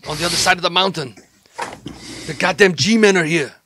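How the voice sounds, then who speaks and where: A man's voice: high voice, a little fast, sharp tone, slight background noise, pitched above the performer's own voice. A man voicing a hot-tempered, foul-mouthed male henchman who stammers and curses in a tabletop game. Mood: angry. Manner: stammering, cursing constantly.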